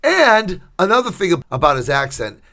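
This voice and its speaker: A man co-hosting a casual podcast, retelling a film plot with sarcastic asides and quick acted-out quotes. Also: high voice, big pitch swings, creaky, sharp tone. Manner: sarcastic storytelling, acts out quotes. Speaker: podcast co-host. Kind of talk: casual chat.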